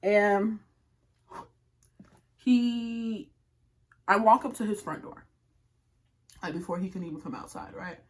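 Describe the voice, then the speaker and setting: A woman's voice: mid-range voice, takes it slowly, pauses often. A young woman vlogger telling a rambling story-time tale to her viewers, full of "like" and asides. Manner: rambling and animated, heavy use of "like".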